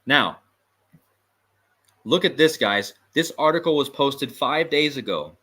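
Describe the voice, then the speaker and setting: A man's voice: mid-range voice, animated, takes it slowly, sharp tone, husky. A man hosting a livestream, talking emphatically and repeating his points with amused asides. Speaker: host. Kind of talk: livestream commentary.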